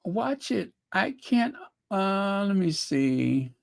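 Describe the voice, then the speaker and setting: A woman's voice: medium pitch, very animated, very slow, gravelly, a little mellow, no room sound, clean studio sound. A woman hosting a fan channel livestream, chatting casually, thinking aloud and reading out viewer comments. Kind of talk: casual chat reacting to clips and viewer comments.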